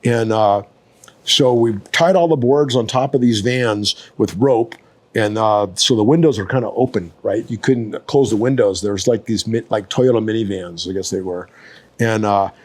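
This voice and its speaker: A man in his sixties, a surf photographer, telling a long story casually, full of fillers, restarts and quick asides. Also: on the low side. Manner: rambling, lots of fillers and restarts.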